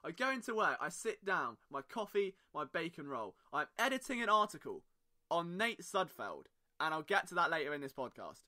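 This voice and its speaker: Young British male podcast host, jokey and rambling, bright tense tone. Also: a little high, sing-song, moderate pace. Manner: chatty, jokey, rambling asides. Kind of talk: casual sports podcast monologue.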